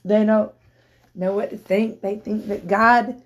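A woman preaching a sermon, telling a Bible story and building to loud, emphatic peaks. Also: medium pitch, steady tone, unhurried.

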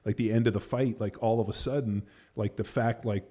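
A man's voice: on the low side, steady tone, brisk, few pauses, mellow. A man in his forties telling a story in casual chat, rambling with lots of fillers and blunt swearing.

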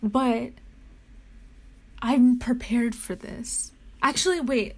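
A woman's voice: a little high, lively intonation, takes it slowly, fairly bright tone. A young woman vlogging casually as she clicks through her computer, anxious and swearing often, with nervous laughs. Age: young adult. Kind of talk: casual chat while browsing a computer.

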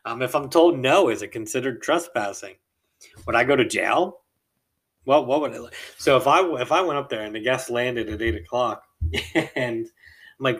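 A man's voice: mid-range voice, normal speed, a bit bright. Podcast host, man, mid-range voice, rambling casual storyteller who chuckles as he goes. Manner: rambling, chuckles mid-sentence, acts out quoted people.

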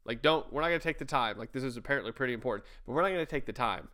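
A man's voice: mid-range voice, expressive, racing, bright, forceful tone. A man reviewing a sermon in casual commentary, talking in a conversational way with many rhetorical questions.

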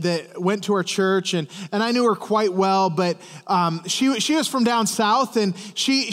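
A man delivers a sermon in a high, animated voice that swoops up and down. He talks to the congregation like a friend, stumbling over repeated words and tossing them questions. His voice rings out with a long reverb, as in a big hall. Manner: conversational, stammering restarts, questions to the congregation. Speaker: pastor. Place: church service.

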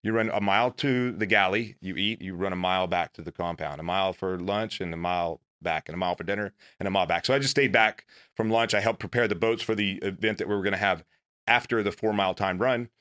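Casting: man, lowish voice, bright tone, earnest storyteller with a self-deprecating streak. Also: steady tone, fast. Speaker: former Navy SEAL guest. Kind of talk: casual storytelling.

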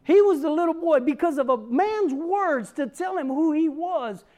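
A woman in her fifties preaching a sermon, animated and acting out the voices she quotes. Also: high-pitched, moderate pace. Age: 50s.

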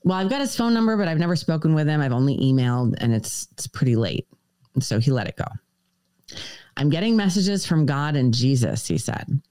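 Woman telling a story, lively pitch. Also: normal speed, dry recording. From United States. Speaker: podcast guest. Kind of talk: storytelling on a podcast.

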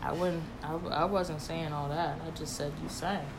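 A young adult woman co-hosting a casual chat, excitable with loud bursts and quick laughs. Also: deep voice, crowd noise. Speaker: podcast co-host.

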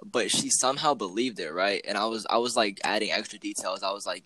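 Bright-toned young man, slangy and loose. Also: on the low side, fast talker, hardly any pauses, dry recording, rough recording. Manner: slangy, swearing, says "bro" often. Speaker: podcast guest. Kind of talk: casual chat.

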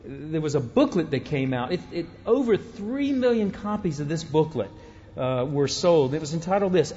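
A man's voice: high voice, a little mellow, highs cut off. A middle-aged male pastor preaching a sermon in a conversational, humorous way, often breaking off and restarting his sentences. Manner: conversational and humorous, with frequent self-interruptions.

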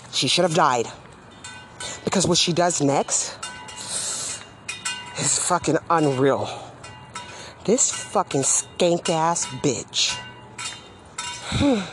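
Furious profane woman ranting, lively pitch. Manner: heated, profane, indignant. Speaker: mother venting about social services. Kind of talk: angry monologue rant.

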